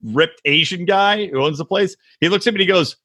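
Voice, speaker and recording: A man co-hosting a casual comedy podcast, swearing a lot and acting out quotes in an animated way. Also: sits high, fairly quick. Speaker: podcast co-host. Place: recording room, west coast.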